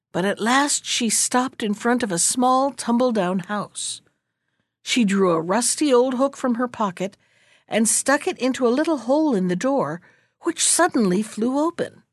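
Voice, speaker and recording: Slow expressive woman reading a fairy tale. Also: a little high, dry recording, studio quality. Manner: expressive, unhurried. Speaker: storyteller. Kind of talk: storybook read-aloud.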